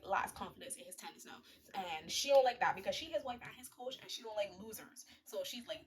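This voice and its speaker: Young woman vlogger, casual slangy movie recap, joking asides, mid-pitched voice.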